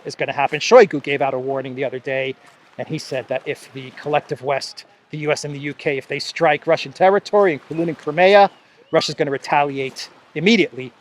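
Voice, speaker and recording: This fairly high-pitched man, who has a New York accent, runs an animated political commentary vlog from a seaside spot outdoors, with plenty of scoffing and laughter along the way.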